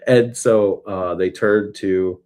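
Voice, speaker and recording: A man co-hosting a podcast, recapping a TV episode in casual chat with animated storytelling that acts out scenes. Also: deep voice, normal speed. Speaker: podcast co-host.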